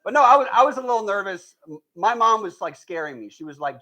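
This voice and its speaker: A man performs stand-up comedy before a live audience, telling stories with lots of energy. His voice is high-pitched and quick, and he acts out the people in his stories and laughs at his own jokes.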